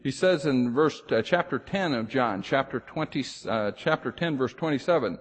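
A pastor preaching a sermon with emphasis, rising loud on key phrases and dropping low and slow to drive points home. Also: male voice, expressive, big-room sound.

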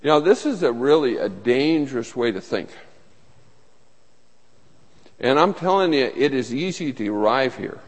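A man's voice: medium pitch, animated, a little fast. A man preaching a sermon as pastor, earnest and emphatic, often repeating his phrases. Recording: long reverb of a large hall.

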